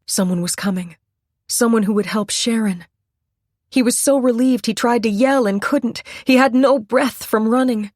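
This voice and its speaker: A woman's voice: a little high, normal speed, a little mellow, no room sound. Woman reading a thriller audiobook, tense and dramatic, dry close mic. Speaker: audiobook narrator. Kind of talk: scripted suspense narration.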